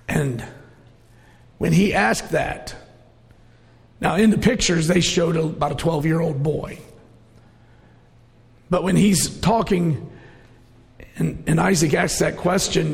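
A middle-aged man preaching with feeling, his voice pitched high and rough with fry. He tells the story dramatically and at times pushes up to a shout. The sound rings out in a long hall reverb. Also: takes it slowly, pauses often. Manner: storytelling, emotional, rising to shouts. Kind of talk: sermon.

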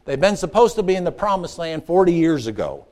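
A man preaching a sermon, with playful asides, call-and-response questions, and swings between excited shouts and hushed, earnest passages. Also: a little high, a little fast. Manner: rises to excited shouts, drops to hushed tones. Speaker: pastor.

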